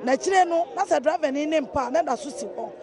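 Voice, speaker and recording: A woman's voice: high voice, animated, quick pace, a crowd in the background. A Ghanaian woman interviewed at a busy outdoor station, speaking indignantly and with emphasis.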